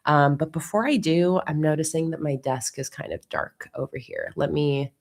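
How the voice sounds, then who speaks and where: A woman with a low voice chats casually on a livestream from her desk. She greets viewers one by one in an upbeat, friendly way. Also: moderate pace. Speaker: livestream host.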